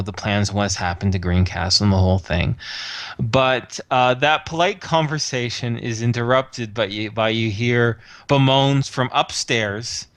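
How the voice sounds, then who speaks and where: A male game master narrates a tabletop role-playing game in an easygoing way. He fills his sentences with ums and little chuckles. His voice has a middle pitch and a close, dry sound. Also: fairly bright tone, dry recording. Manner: casual, chuckling often, many fillers.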